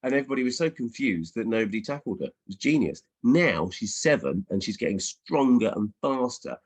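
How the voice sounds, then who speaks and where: A man's voice: mid-range voice, animated, brisk, slightly rough. A middle-aged man, a children's author, chatting casually with schools over a video call from his home office, playful, with many ums and restarts. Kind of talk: casual virtual Q&A with reading aloud.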